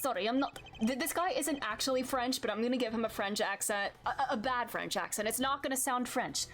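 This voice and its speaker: A woman streaming a game, tossing in joking, excitable asides. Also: fairly high pitch, a little fast. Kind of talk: live gameplay commentary. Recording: game music behind the voice.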